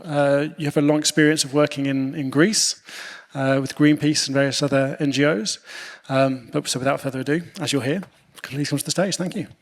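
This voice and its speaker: A man's voice: fairly high pitch, steady tone, fairly quick. Man chairing a session in a hall. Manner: brief, informal introductions. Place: lecture hall. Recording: long hall reverb.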